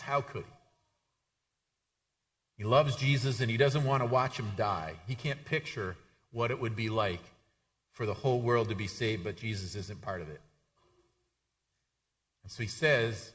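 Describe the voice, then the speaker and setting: A man's voice: mid-range voice, moderate pace, fairly bright tone. A male pastor giving a conversational sermon, often repeating words as he restarts his sentences. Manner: conversational, frequent stammered repeats.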